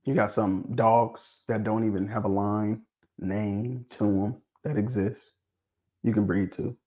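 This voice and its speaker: Animated man prodding his viewers. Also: on the low side, a little slow. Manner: animated, prodding viewers with questions, repeats himself. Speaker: livestream host discussing dog pedigrees. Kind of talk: casual livestream chat.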